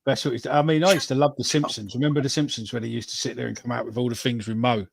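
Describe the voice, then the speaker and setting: A man's voice: medium pitch, steady tone, quick pace, creaky, slightly rough, no echo. A man hosting a football podcast, joking crudely and calling everyone "mate". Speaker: podcast host. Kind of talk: casual banter reading out names.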